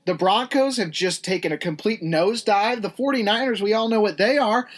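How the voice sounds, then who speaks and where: A man co-hosting a sports podcast, ranting hard and a bit out of breath. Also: high voice. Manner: fast, indignant ranting. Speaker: podcast co-host. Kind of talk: heated sports rant.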